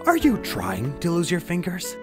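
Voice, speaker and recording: A man voicing a brash, foul-mouthed teenage girl in a comedic fan meme dub, loud and snappy, with music behind. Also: high-pitched, huge pitch swings, normal speed.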